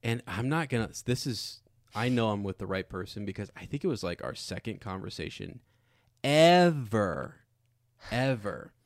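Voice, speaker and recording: A man's voice: lowish voice, brisk, hardly any pauses, no echo, clean studio sound. A man co-hosting a podcast, chatting casually about a film, rambling with many restarts. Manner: rambling, full of fillers and restarts. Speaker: podcast co-host.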